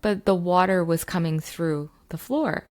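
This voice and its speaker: Her pitch fairly low and her pace a little slow, a female mindset coach narrates a story to camera from her basement at home. The telling is conversational and heavy on fillers.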